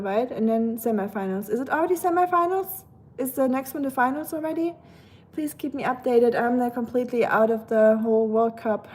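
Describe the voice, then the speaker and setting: A woman's voice: fairly high pitch, a little mellow. Tired German woman chatting on stream. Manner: chatty, rambling with many fillers. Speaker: livestream host. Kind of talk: casual livestream chat reading comments.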